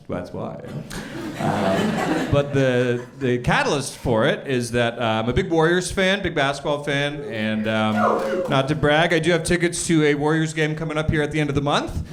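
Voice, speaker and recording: A man's voice: fairly high pitch, animated, normal speed. A young man doing a stand-up set on a club stage, with a dry, self-deprecating delivery and frequent "uh" fillers. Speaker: stand-up comedian. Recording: live club recording with audience noise. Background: audience laughter.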